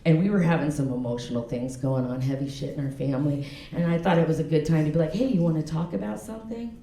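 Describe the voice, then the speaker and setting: Her voice is low-pitched and steady, and she talks fast. She's in her forties, doing a frank stand-up set in a comedy club and laughing at her own jokes, while audience laughter rings through the echoey, loud room.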